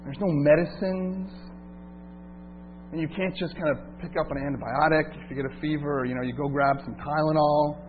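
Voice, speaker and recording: A man's voice: on the high side, fairly even intonation, normal speed. A male pastor preaching a sermon, asking rhetorical questions of his congregation. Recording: tinny phone-like sound with hum.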